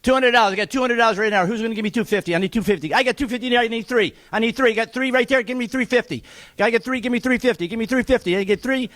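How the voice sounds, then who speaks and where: High-voiced joking man calling an auction. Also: a bit bright. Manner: joking, teasing, rapid bid calling. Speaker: charity auctioneer. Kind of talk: live charity auction calling.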